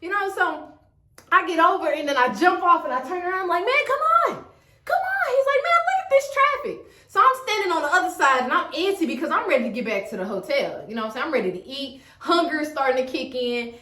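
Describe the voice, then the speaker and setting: A woman's voice: high-pitched, fast talker, reverberant. A woman telling a story to camera in casual, slangy chat, acting out the quoted lines. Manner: animated, slangy, acts out quotes. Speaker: storyteller vlogger.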